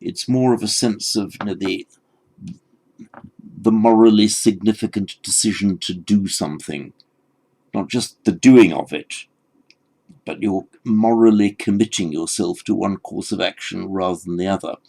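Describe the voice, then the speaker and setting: Low, gravelly man lecturing on texts. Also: unhurried, mellow. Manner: thoughtful, explaining word by word with frequent restarts. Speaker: teacher. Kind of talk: textual lecture on Pali scripture.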